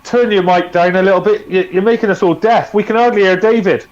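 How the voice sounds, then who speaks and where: A man's voice: high-pitched, fast talker, dull audio. A friendly, jokey man calling into a casual live chat.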